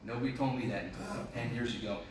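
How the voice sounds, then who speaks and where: Impassioned preacher in an echoey hall. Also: male voice, mid-range voice, quick pace, a little hiss or hum. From North Jersey, USA. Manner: impassioned, hammering rhetorical questions and repeated phrases. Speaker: pastor. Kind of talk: sermon. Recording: very echoey room, mic at a distance.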